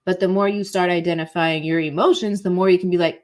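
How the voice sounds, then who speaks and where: A woman's voice: fairly low pitch, fairly even intonation, quick pace, hardly any pauses, darkish tone. A woman teaching a masterclass as a life coach, chatty and encouraging, calling her listeners y'all and acting out inner thoughts in quoted asides. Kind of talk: casual teaching talk.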